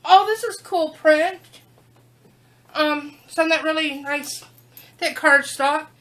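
Woman, very high voice, slow unhurried delivery, chatty unboxing vlog. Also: fairly bright tone. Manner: chatty, talks baby-talk to her dog. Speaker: unboxing vlogger. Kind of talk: casual unboxing chat.

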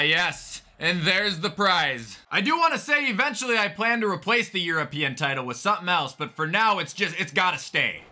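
A young man calling his own wrestling video game like a play-by-play announcer, yelling at the big moves and swearing about the game between calls. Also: high voice. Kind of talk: excitable play-by-play commentary.

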